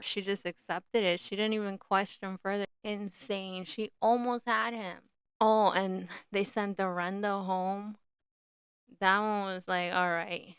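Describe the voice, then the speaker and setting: Slow-talking woman podcast host, crisp and dry. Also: mid-range voice, fairly even intonation, fairly bright tone, no room sound. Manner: chatty, speculative, uses filler "like". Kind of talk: casual solo commentary.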